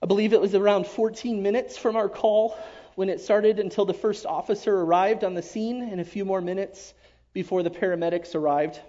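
A man giving an emotional personal testimony to his church, earnest and halting, often dropping to a hush. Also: high voice, fairly even intonation. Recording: dull lo-fi recording.

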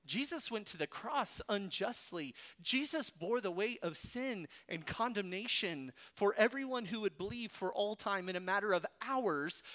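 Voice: medium pitch, a bit bright. A preacher giving an expository sermon in an emphatic, exhorting way, with rhetorical questions.

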